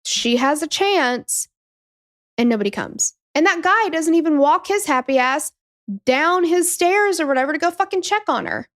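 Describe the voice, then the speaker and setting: A woman's voice: sits high, animated, normal speed. A woman in her thirties hosting a true crime podcast, telling the story in a chatty, digressive way, swearing and acting out quotes. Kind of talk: casual storytelling chat.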